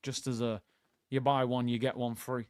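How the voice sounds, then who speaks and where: A man's voice: mid-range voice, flat delivery, moderate pace, darkish tone, clear, resonant tone, no room sound, studio quality. A man hosting a live football watchalong, talking casually and giving blunt opinions straight to his viewers. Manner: casual, opinionated, conversational, addresses viewers directly. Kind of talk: live watchalong commentary, reading out chat.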